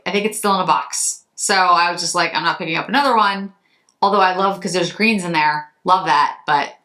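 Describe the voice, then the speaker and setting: A woman's voice: medium pitch, pushed and bright. A woman beauty vlogger from Massachusetts, chatting casually and rambling a little as she goes through products. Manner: chatty, rambling, self-correcting. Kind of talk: casual chat.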